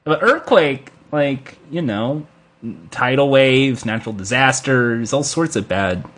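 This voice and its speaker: A man's voice: mid-range voice, takes it slowly, a bit bright. A man riffing goofily in a casual comedy podcast chat. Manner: goofy, riffing on jokes.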